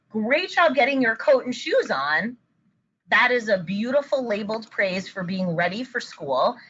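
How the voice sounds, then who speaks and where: A woman's voice: medium pitch, bright, forceful tone, highs cut off, slight background noise. A woman therapist giving a webinar lesson for parents, explaining and modeling upbeat praise phrases. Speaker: child anxiety therapist. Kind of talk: webinar presentation.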